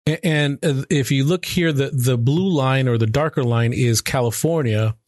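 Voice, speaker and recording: A man's voice: medium pitch, normal speed, a little mellow, no echo, studio quality. A man hosting a talk show, casually walking viewers through a chart.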